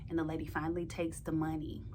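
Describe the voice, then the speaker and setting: A woman telling a story to camera in an informal, slangy way, growing loud and emphatic when worked up. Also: sits low, monotone, fast talker, background noise. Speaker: storytime vlogger. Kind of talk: casual storytelling.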